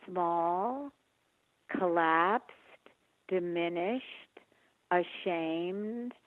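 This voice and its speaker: A middle-aged woman, a guest on a podcast, answering reflectively in a slow, gentle, soft-spoken way with many pauses. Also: lowish voice. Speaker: author and guest on a health podcast. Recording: tinny phone-line sound.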